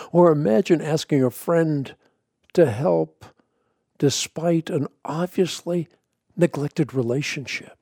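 A man giving a scripted teaching on prayer, measured and earnest, leaning hard on key words. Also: fairly high pitch, darkish tone, husky, no echo, clean studio sound. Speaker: Christian teacher.

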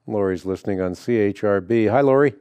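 A man hosting a call-in radio show, talking in a measured, emphatic, preacherly way. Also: fairly low pitch, dark tone, smooth, dry recording.

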